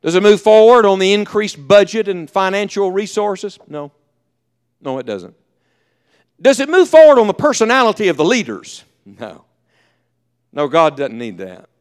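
Male pastor, high resonant voice, dynamic sermon delivery full of rhetorical questions. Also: big pitch swings, normal speed, clean tone. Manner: dynamic preaching, rhetorical questions, drops to a hush then swells loud.

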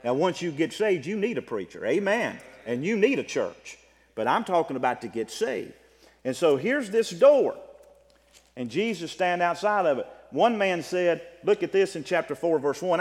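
A man preaching a sermon as pastor, animated, with a rising and falling delivery. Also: on the high side, moderate pace. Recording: long reverb of a large hall.

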